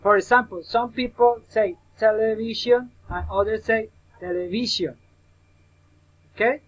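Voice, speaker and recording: A man teaching a recorded English pronunciation lesson, drilling example words slowly and repeatedly and addressing the listener as his student. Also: high-pitched, a bit bright, low-quality recording.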